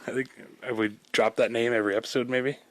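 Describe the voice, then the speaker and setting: A man's voice: mid-range voice, little pitch movement, quick pace. A man co-hosting a podcast in a casual, teasing chat, laughing often. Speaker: podcast co-host. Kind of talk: casual banter.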